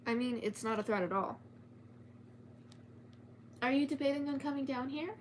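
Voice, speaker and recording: Chatty high-voiced woman reading storytime. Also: moderate pace, a little hiss or hum. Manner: chatty, swears casually, chats to her cats between passages. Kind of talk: casual storytime book reading. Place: home.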